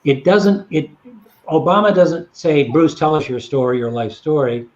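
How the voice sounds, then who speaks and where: A man's voice: on the high side, normal speed, a little mellow, muffled recording. A man telling long anecdotes in a casual chat. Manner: rambling anecdotal storytelling. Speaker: guest storyteller.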